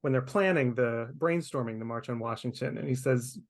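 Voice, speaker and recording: A man's voice: medium pitch, normal speed. A man hosting a webchat interview over a video call, asking curious, conversational questions. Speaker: interview host.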